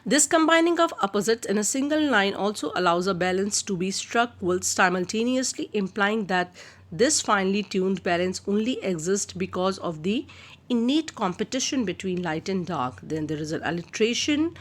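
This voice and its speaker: A woman's voice: mid-range voice, expressive, moderate pace. A woman giving a recorded literature lecture on a poem, explaining step by step and repeating key terms with occasional "uh" fillers.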